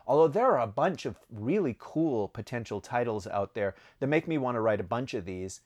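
A man chatting about his own writing in an easygoing, rambling way. He corrects himself mid-sentence and laughs at his own stories. His voice sits at an ordinary middle pitch. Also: animated, normal speed, darkish tone. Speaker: author answering reader questions. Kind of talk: casual chat.

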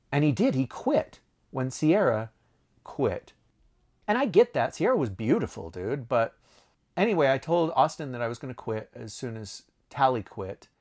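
A man chatting about his own writing in an easygoing, rambling way. He corrects himself mid-sentence and laughs at his own stories. His voice sits at an ordinary middle pitch. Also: animated, moderate pace, darkish tone. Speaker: author answering reader questions. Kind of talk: casual chat.

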